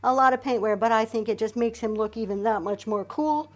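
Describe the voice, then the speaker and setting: A middle-aged woman from Pennsylvania hosts a live-stream reselling auction, chatting upbeat and thanking viewers along the way. Her voice is on the high side and fairly quick.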